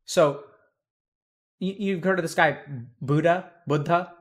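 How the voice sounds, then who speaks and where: A man's voice: on the high side, takes it slowly. A man giving blunt, casual advice in conversation, swearing freely and acting out the people in the stories he tells.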